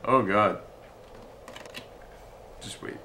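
A man's voice: extremely slow, a little hiss or hum. A man co-hosting a let's play, reacting with frustration and frequent swearing in casual banter. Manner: lively, swears often, frustrated exclamations.

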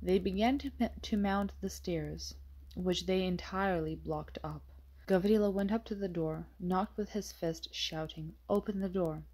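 Mellow, low-voiced woman narrating an audiobook. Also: a little slow.

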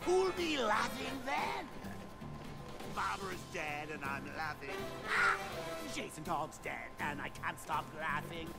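A man's voice: a little high, lively intonation, takes it slowly, gravelly, loud music behind the voice, exaggerated voice. A man singing as a cackling, mocking clown villain in a video game, laughing between lines. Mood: gleeful taunting. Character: cackling male clown villain, taunting and gleeful.

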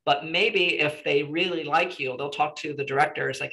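A man's voice: a little high, brisk, gravelly, hardly any pauses, pushed and bright, poor audio. A man teaching a casual screenwriting workshop to a small group, chatty and encouraging with lots of "you know"s.

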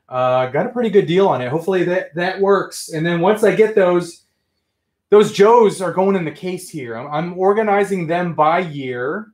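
A man hosting a casual livestream, talking excitedly and ranting to his chat. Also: on the high side. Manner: excitable, ranting, says friggin' often. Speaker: livestream host.

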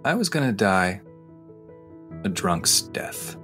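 A man with a lowish voice tells a personal story as a podcast host, intimate and confessional. He slows down on the phrases that matter most. Faint music plays underneath. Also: very animated, bright, forceful tone. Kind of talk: personal narration over music.

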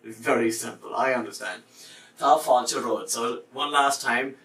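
A man teaches at a board in a roomy space, heard from a distance. His pitch sits in the middle range. He explains patiently and spells out letters, with faint ambience behind him. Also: normal speed, gravelly, a bit bright. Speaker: Irish language teacher. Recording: roomy sound, mic at a distance.

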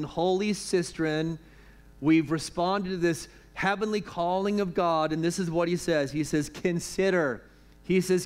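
A male pastor preaches at an evening church service. His voice sits a little high, and he talks to the congregation conversationally, mixing jokes and questions into the teaching. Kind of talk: sermon.

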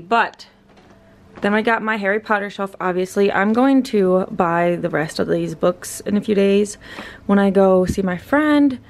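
A young woman in her twenties vlogs in a casual, upbeat way, filling her talk with lots of fillers. Her mid-range voice is gravelly and she sounds out of breath. She starts out in her car and later talks at home beside a bookshelf.

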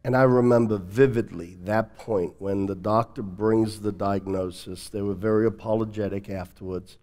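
Brief: male pastor host, lowish mellow voice, conversational interviewer. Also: steady tone, moderate pace. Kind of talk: church talk-show interview.

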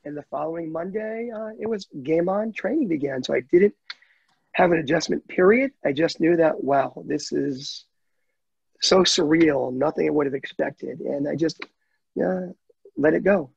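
Heartfelt man, husky and gravelly, dry dull lo-fi call sound, higher voice. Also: normal speed, no echo. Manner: heartfelt, candid, chokes up at times. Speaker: guide dog client telling his story. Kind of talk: emotional interview storytelling.

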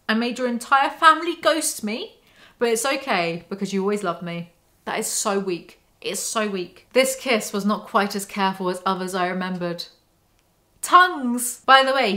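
Sarcastic woman with a bright, forceful voice. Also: medium pitch. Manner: sarcastic, mocking asides between dry readings. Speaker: book commentary YouTuber. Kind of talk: sarcastic book breakdown with read-aloud passages.

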